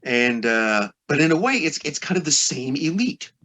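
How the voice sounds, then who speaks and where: A man's voice: fairly high pitch, sing-song, moderate pace, bright, forceful tone. A man as a podcast guest, explaining history in a discursive, lecturing way full of asides.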